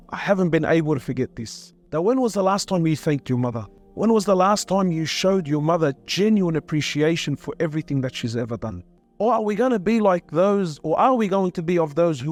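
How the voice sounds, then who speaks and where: A man's voice: on the high side, a little mellow. A man giving an earnest, emotional sermon-style talk, repeating phrases for emphasis. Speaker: Muslim speaker.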